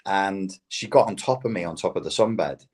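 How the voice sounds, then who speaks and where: A man with a fairly low voice talks in a loose, conversational way on a podcast. He tells stories with plenty of swearing and now and then slips into quoted voices. The tone stays casual and unhurried. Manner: storytelling with animated quoted voices. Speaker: podcast guest. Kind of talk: casual chat.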